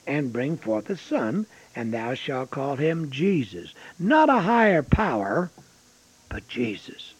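An older man preaching a folksy sermon, reading scripture and telling stories, swinging from loud exclamations to hushed asides. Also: on the high side, slightly rough, no echo. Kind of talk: expository sermon. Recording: dull lo-fi sound.

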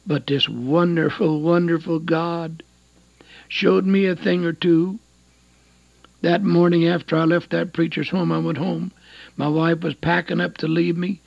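Older male radio evangelist in his seventies, husky, fervent then hushed, dull lo-fi broadcast. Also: medium pitch, no echo. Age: 70s. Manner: swings between hushed pleading and loud fervent preaching. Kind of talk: radio sermon.

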